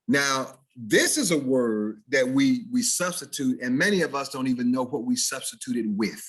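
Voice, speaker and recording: Measured and medium-pitched, his slightly rough voice carries a lesson on standard American diction delivered by video call. The instructor hams up examples of spoken errors with animated, teasing flair.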